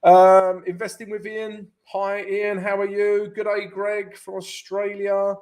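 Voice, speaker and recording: A man's voice: high-pitched, monotone, slow, a little mellow. A man from the UK with a London accent hosts a live forex stream. He answers viewers' questions in a chatty way and keeps calling them "guys". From United Kingdom. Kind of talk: live market analysis and viewer Q&A.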